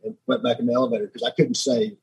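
A man, a podcast guest telling a personal story in a halting, repeating way, often dropping quiet. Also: little pitch movement, husky, low-quality recording. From Alabama. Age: 30s. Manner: halting, repeats words, voice drops low and quiet when moved. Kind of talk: emotional storytelling.

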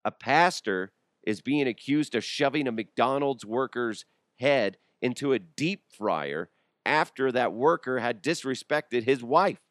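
Joking around alone on his podcast, a young man laughs often and puts on voices. He speaks a little slowly in an animated, mid-range voice with a fairly bright tone. The studio recording carries no room sound.

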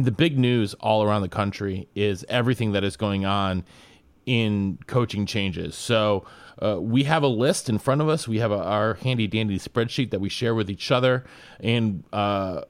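A man's voice: on the low side, no echo. A man hosting a casual college football podcast, upbeat and chatty, introducing his co-hosts and reading sponsor spots. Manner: upbeat, reads sponsor spots in a brisk promo delivery. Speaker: podcast host. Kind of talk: casual sports podcast chat.

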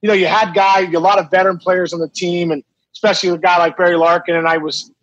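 High-voiced man telling a story. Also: quick pace, no room sound, lo-fi sound. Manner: animated, quotes others, many fillers and restarts. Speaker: former baseball player, guest. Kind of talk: casual storytelling.

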